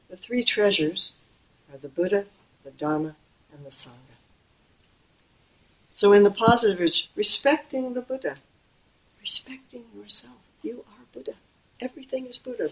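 A woman teaching Buddhist practice in an easy, conversational sermon. Her voice sits at a middle pitch. She eases off and goes quiet and slow whenever a point matters. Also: rough recording. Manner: gentle and conversational, slowing and softening on key phrases. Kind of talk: dharma talk.

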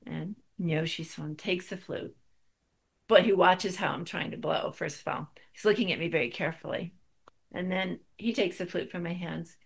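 A woman's voice: fairly low pitch, normal speed, creaky, slightly rough. A middle-aged woman giving a spiritual talk, telling a personal story with wry, self-deprecating humor.

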